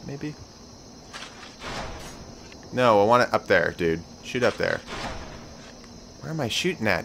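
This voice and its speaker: A young man talks through his video game as he plays, excitable and swearing freely. His pitch swings widely as he mutters and cheers to himself. A faint background noise sits under the recording. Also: slow pace, vocal fry, pauses often. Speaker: gameplay commentator. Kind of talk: let's play commentary.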